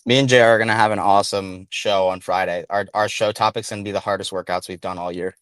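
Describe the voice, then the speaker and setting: Low-ish voiced dude, stressed out, rambles on with lots of fillers, dry sound. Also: male voice, steady tone, fast talker, fairly bright tone, clean tone, no echo. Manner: talks in loose run-on sentences full of fillers. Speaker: caller. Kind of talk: casual podcast chat.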